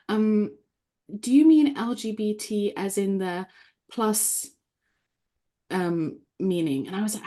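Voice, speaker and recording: A woman, an author appearing as a guest, chatting casually on a podcast in an animated, rambling way with plenty of fillers. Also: medium pitch.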